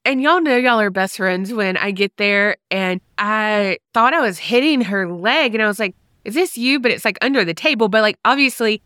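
A woman's voice: medium pitch, normal speed, hardly any pauses, clear, resonant tone, no room sound, clean studio sound. A woman, congested with a cold, co-hosting a casual podcast chat and telling giggly stories. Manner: giggly, lively storytelling. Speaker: podcast co-host.

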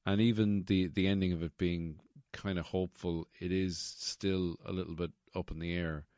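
A man's voice: low voice, steady tone, normal speed, darkish tone, no room sound, clean studio sound. A man co-hosting a podcast, talking casually about films, often hesitant and repeating words. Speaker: podcast co-host. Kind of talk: casual film chat.

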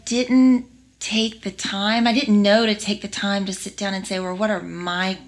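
A woman's voice: mid-range voice, little pitch movement, unhurried. A woman, a guest on a podcast, telling her own career story candidly in a conversational interview. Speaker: podcast guest, former lawyer.

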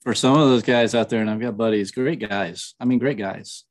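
A middle-aged man talking earnestly in an interview, slightly nasal, pausing often with fillers and restarts. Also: lowish voice. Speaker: podcast guest, author. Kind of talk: casual interview talk.

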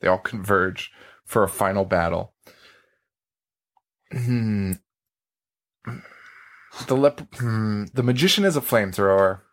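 A man's voice: fairly low pitch, takes it slowly, long pauses. Guy on a movie podcast, chatty, laughs a lot, acts out the dumb lines. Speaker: podcast host. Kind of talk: casual movie review chat.

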